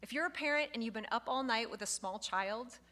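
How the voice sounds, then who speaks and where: Bright-voiced woman teaching a class. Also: a little high, a little fast. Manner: lively, expressive, acts out quoted phrases. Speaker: class instructor. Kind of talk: lecture to a live class.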